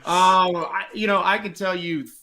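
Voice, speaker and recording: A man co-hosting a casual podcast, telling animated stories and laughing often. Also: high-pitched, normal speed. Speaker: podcast co-host, site owner.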